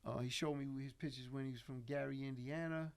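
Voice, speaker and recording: A man telling an animated story as a podcast guest, laughing often and acting out quotes. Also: mid-range voice, quick pace, vocal fry. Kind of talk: casual storytelling chat.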